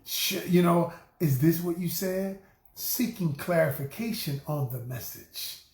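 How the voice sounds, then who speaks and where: Animated high-voiced male coach, echoey room. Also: unhurried. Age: middle-aged. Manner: animated, preachy, addresses listeners as y'all. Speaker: relationship coach and host. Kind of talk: motivational talk to camera.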